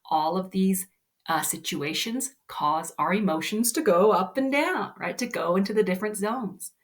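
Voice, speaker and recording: Young woman, kids' life coach, soft and reassuring, keeps asking "right?". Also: mid-range voice, expressive, normal speed. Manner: gentle, reassuring, often ending with "right?". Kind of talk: explaining lesson to children.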